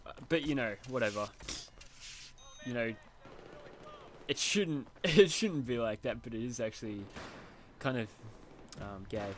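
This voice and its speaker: A man's voice: mid-range voice, unhurried, pauses often, a bit bright, a little hiss or hum. A young Australian man with a slight lisp and a sniffly nose, rambling casually over his gameplay with lots of fillers. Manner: rambling, self-deprecating, many fillers. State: sniffly from hay fever. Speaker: gamer.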